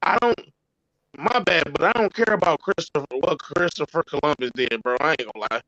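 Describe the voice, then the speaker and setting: Blunt guy going off in a podcast chat, pretty high voice, kinda muffled audio. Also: lively intonation, a little fast, sharp tone, no room sound. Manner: blunt, slangy, emphatic. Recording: dull lo-fi sound.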